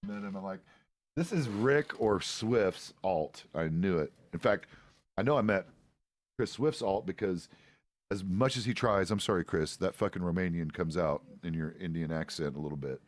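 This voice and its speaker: A man's voice: low-pitched, a little fast. A middle-aged man, a roleplay streamer, chatting out of character in a laid-back, rambling, profane way. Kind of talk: casual out-of-character chat.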